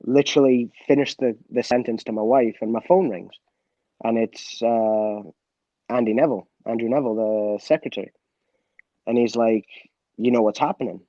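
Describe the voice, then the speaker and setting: A former footballer being interviewed, telling a story candidly, with many restarts and quoted dialogue. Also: male voice, medium pitch, fairly even intonation, normal speed, dark tone, no echo, highs cut off.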